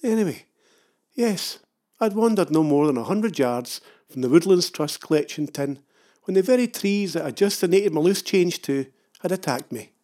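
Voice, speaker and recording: A man's voice: a little high, expressive, moderate pace, warm tone. An older Scottish man narrating a comic travel story with wry, self-mocking asides. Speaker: travel vlogger.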